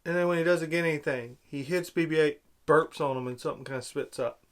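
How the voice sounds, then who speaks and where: A man with a fairly high voice, ranting about a film he hated. He sounds exasperated and sarcastic, bursting out loudly at one moment and muttering to himself the next. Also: fast talker. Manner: exasperated, sarcastic, swings between loud outbursts and muttering. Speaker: movie reviewer.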